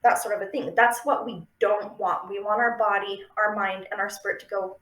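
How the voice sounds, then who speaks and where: A woman's voice: medium pitch, fairly even intonation, normal speed, hardly any pauses, fairly bright tone. A woman giving a casual, chatty how-to talk on affirmations, often checking in with the listener. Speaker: affirmation practice teacher. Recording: roomy, echoey room.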